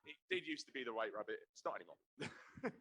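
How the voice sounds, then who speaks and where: A man's voice: mid-range voice, very animated, brisk, pushed and bright, no echo, clean studio sound. A young man with a Northeast English accent, a singer-songwriter chatting casually on stage at a live music venue, giggly and self-deprecating, swearing freely. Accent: Northeast England.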